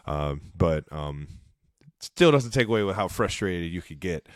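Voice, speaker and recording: A man's voice: deep voice, lively intonation, a little slow, no room sound, clean studio sound. A man from Ohio co-hosting a podcast in a laid-back, casual way. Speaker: podcast co-host. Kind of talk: casual chat.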